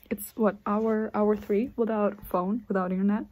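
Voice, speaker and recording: A woman's voice: mid-range voice, fairly even intonation, moderate pace, few pauses. Chatty young woman vlogging outdoors. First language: not English. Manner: chatty, exclaims and repeats words. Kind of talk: casual vlog talk to camera. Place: outdoors by a campfire.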